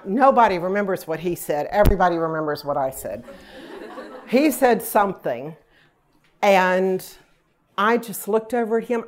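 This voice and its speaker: Earnest middle-aged woman teaching. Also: medium pitch. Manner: earnest and confessional, with occasional self-deprecating laughs. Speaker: Christian parenting speaker. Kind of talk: personal story and Bible teaching.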